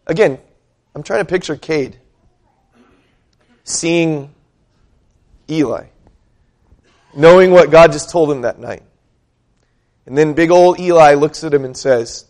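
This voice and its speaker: A man's voice: fairly high pitch, a little mellow. A male pastor preaching a sermon, retelling scripture with conversational, dramatic storytelling and questions for the congregation.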